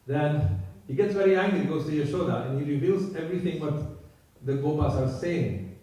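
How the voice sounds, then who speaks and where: A man retelling devotional stories in an animated way, chuckling often. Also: on the high side, moderate pace. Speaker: devotional storyteller. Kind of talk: devotional talk retelling stories, with sung verses. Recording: very echoey, distant mic.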